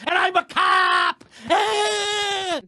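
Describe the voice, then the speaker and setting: A man's voice: very high voice, little pitch movement, very slow, no room sound, clean studio sound, voice pushed up, full character voice. A man mocking a screaming self-important cop. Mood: shouting. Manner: mocking shouted outbursts.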